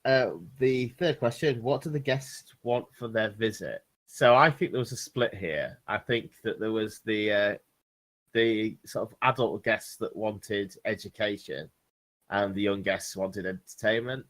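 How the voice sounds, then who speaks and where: A man's voice: fairly low pitch, a little slow, fairly bright tone. A man talking as a player in a casual podcast chat, hesitant and stammering at the start of his sentences.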